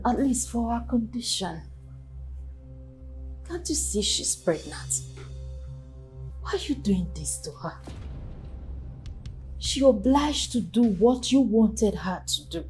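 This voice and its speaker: A woman's voice: fairly high pitch, warm tone. An actress playing a loyal young woman friend who soothes and pleads, in a film drama with a Nigerian English accent. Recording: film soundtrack with music.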